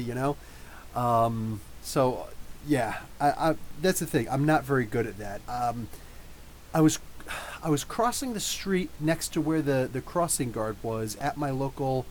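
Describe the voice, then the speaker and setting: A rambling, chatty man in his thirties from New Jersey hosts a live podcast Q&A. His voice sits at an ordinary middle pitch for a man, with a faint hiss underneath. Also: moderate pace. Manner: rambling, chatty, frequent restarts and fillers. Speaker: podcast host. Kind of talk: casual live Q&A chat.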